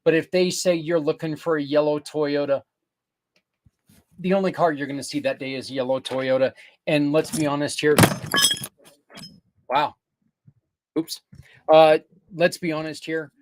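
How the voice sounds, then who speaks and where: An older man hosting a podcast, earnestly pitching community partners in a rambling, casual way with many restarts. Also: steady tone, measured pace, long pauses, a little mellow. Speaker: podcast host. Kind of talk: casual promotional talk.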